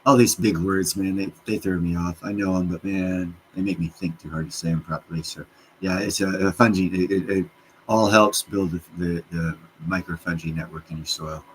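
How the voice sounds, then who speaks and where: Speaking at normal speed, a livestream host with a very low voice reacts to viewers' comments in a casual stream. He's excitable and foul-mouthed, hopping from one topic to another. A faint hiss runs under the rough recording.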